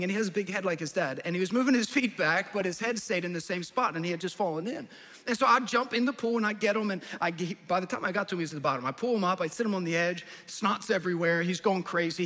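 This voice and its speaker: Man, 30s, from new jersey, pastor, sermon, high bright voice, lively storytelling, long hall echo. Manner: animated storyteller, acts out family voices. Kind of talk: sermon with personal stories. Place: large church hall.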